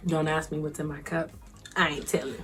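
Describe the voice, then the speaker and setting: A woman's voice: sits low, level tone, brisk, faint music behind. A woman vlogger, a new mother, chatting casually to the camera in a loose, slangy way.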